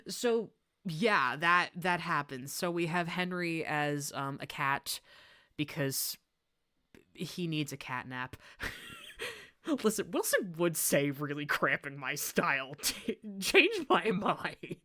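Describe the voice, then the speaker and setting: Excitable low-voiced woman streamer. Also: takes it slowly. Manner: excitable, gushing, laughs often. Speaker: art streamer. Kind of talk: casual livestream chat while drawing.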